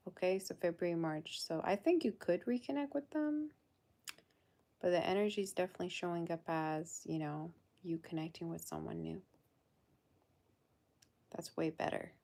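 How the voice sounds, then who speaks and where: A woman's voice: fairly low pitch, normal speed, vocal fry, long pauses, mellow. A woman doing a live tarot reading in a loose, chatty way, full of fillers and calling the listener "girl". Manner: loose, fillers and half-sentences. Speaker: tarot reader.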